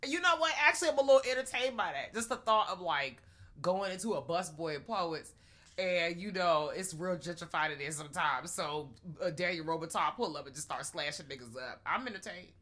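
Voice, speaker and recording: A young adult woman co-hosting a casual movie review chat, animated and breaking into loud acted-out reactions. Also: on the low side, fairly quick. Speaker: podcast co-host.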